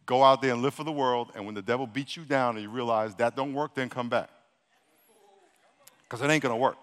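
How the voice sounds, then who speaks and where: A male pastor briskly urges his congregation to pray loud, preaching directly and repeating himself in casual, Southern-leaning speech. His voice sits at medium pitch. The sermon is recorded through a handheld or stage microphone in a large church hall with long reverb.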